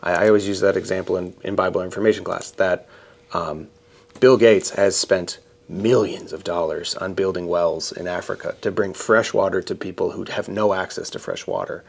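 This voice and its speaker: A man with a somewhat low voice talks through a Bible passage in a relaxed podcast chat. He is a pastor, and he tells it like a story, pausing now and then to ask "right?" to keep his co-host with him. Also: gravelly. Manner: explains scripture through stories, often checks in with "right?". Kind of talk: casual conversational podcast chat.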